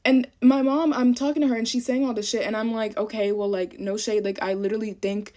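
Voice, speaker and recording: A woman's voice: on the high side, steady tone, fairly quick, warm tone. Exasperated, profane young woman ranting. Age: young adult. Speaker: college student. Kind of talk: get-ready-with-me rant to camera.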